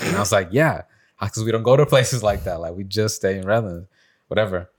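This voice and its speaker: Low-voiced man rambling through a story. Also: fairly quick. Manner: rambling storytelling, many fillers, swears. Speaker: podcast host. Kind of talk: casual chat.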